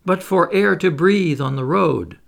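A man voicing a stubborn male skeptic who keeps pressing sharp, doubting questions, a little higher than his narration. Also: expressive, measured pace, gravelly, full character voice. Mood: insistent. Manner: challenging, insistent questions.

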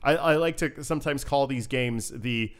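A man co-hosting a casual chat about video games, lively and quick to laugh, acting out little quotes as he talks. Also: mid-range voice. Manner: animated, laughs often, acts out quotes. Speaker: podcast co-host.

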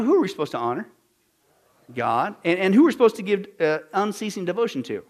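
A man's voice: high-pitched, big pitch swings, fast talker. A man preaching a sermon, reading passages aloud and answering them with rhetorical questions and sarcastic asides.

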